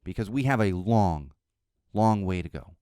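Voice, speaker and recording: In a political podcast rant that ends with an episode sign-off, a male host is impassioned and blunt, cursing plenty. His voice sits low, with lively intonation and a mellow, clear, resonant tone at a moderate pace, recorded dry in studio quality.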